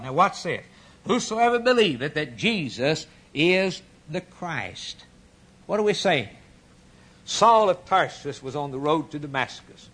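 A man's voice: on the high side, a bit bright. A man preaching a sermon, emphatic and dramatic, repeating key lines for effect.

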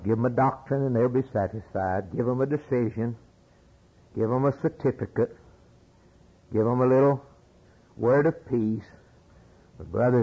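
An older American man preaching a sermon, now calm and low, then rising to loud, high exclamations. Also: breathy edge, highs cut off. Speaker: pastor.

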